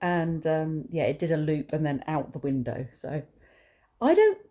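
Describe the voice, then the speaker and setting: A woman's voice: low voice, big pitch swings, measured pace, dark tone. A woman vlogging casually outdoors in a garden, chatting and rambling through her chores and stories. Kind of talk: casual vlog chat.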